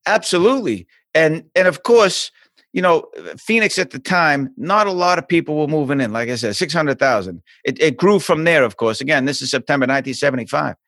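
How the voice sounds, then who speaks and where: A man's voice: fairly quick, no room sound. A man in his fifties with a Boston accent, a guest telling stories in a casual remote interview. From South Boston, USA. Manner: animated storyteller, jumps into higher pitch. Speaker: podcast guest, TV host. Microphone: remote call mic.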